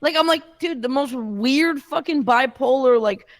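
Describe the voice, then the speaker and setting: High-voiced young man, swearing storyteller. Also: unhurried. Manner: animated storytelling, heavy swearing. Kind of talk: casual chat.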